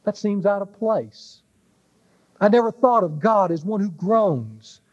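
A man preaching a sermon, slow and weighty, dropping to a hush on key words. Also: high voice, lively intonation, highs cut off. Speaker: pastor.

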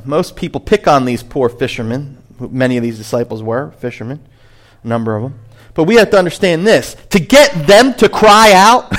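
A man preaching a sermon as pastor, animated, rising high to stress a point and dropping low on asides.

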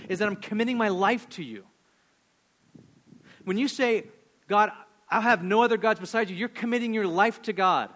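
A male pastor in his thirties delivering a sermon with a high-pitched voice. He is animated, rising loud for emphasis and dropping to hushed, low asides. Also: normal speed, pauses often.

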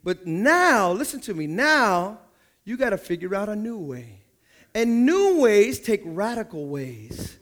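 A pastor with a notably high, slightly bright voice preaches unhurriedly, his pitch swinging widely. He calls for his church to repeat words after him and drops into quoted voices to act out everyday scenes before resuming the sermon.

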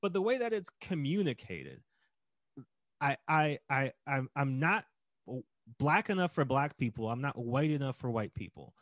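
A man co-hosts a podcast, retelling and critiquing a movie in casual conversation full of laughter. Animated, he acts out scenes and laughs often, speaking at a normal speed with a medium-pitched voice. The sound is studio quality with no room sound.

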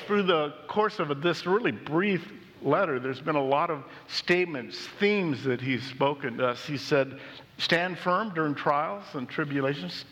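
A pastor preaches with a bright, forward tone that carries well. His words trail off into a long hall echo. He reads scripture and tells stories with lively swings between loud and hushed. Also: a little high. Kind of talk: sermon with storytelling.

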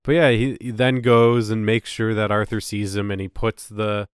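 A man co-hosting a casual show recap, often slipping into quick voices for the characters he quotes. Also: lowish voice, little pitch movement, smooth, no room sound, clean studio sound. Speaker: podcast co-host.

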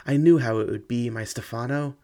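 A man's voice: medium pitch, brisk, warm tone, close to an everyday voice. A man voicing a desperate, lovestruck young working woman who pleads tearfully with her lover in an audiobook reading. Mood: joyful.

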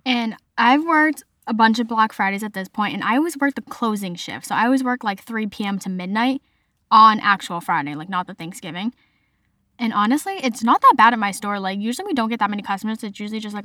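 The recording is studio quality without room sound, capturing a young woman's fairly high-pitched voice. As a podcast host, she gives a chatty storytelling monologue, retelling things with energy and plenty of "like."

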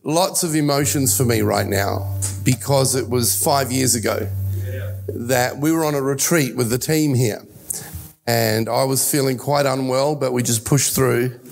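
Gravelly Australian pastor in his sixties. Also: mid-range voice, unhurried, faint music behind. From Italy. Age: 60s. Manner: earnest, personal storytelling with restarts. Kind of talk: sermon.

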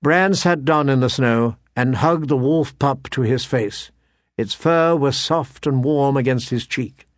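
A man narrating a fantasy novel as an audiobook, measured and expressive. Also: mid-range voice, dry recording, studio quality.

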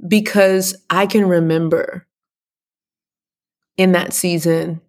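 A woman from Texas speaking as a podcast guest, an animated, expressive storyteller. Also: on the low side, takes it slowly. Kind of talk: casual interview chat.

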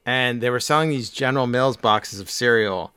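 A man co-hosting a podcast tells a rambling story in casual chat, full of fillers and restarts. His medium-pitched voice moves at a normal speed with a bright, forceful, clean tone, recorded dry at studio quality.

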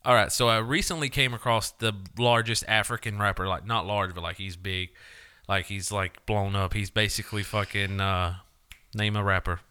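A man's voice: on the low side, fairly even intonation, normal speed, bright, forceful tone, clear, resonant tone. A young man co-hosting a podcast, talking bluntly and swearing a lot while telling stories with casual laughter. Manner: profane, blunt, laughing storyteller. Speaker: podcast co-host. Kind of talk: crude casual podcast banter.

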